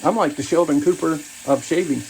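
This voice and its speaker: A fairly high-pitched man talks fairly quickly in a creaky, darkish voice, with a little hiss or hum on the audio. He hosts a wet shaving vlog from his home bathroom, joking about himself and rambling as he shaves.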